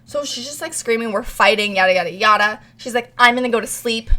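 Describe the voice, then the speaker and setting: A young woman co-hosting a casual podcast tells a story animatedly at a quick pace in a slightly high voice. She swears freely and acts out what everyone said.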